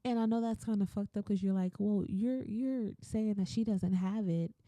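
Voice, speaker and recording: Speaking at a moderate pace in a mellow, medium-pitched voice with no echo, this young woman runs a solo podcast. She rants bluntly, curses freely, and frequently imitates the voices of others.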